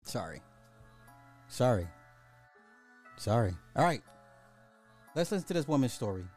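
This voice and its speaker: A man's voice: medium pitch, sing-song, measured pace, a little mellow, faint music behind. A man hosting a podcast, ranting bluntly in casual social commentary, full of profanity and sarcastic apologies. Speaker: podcast host.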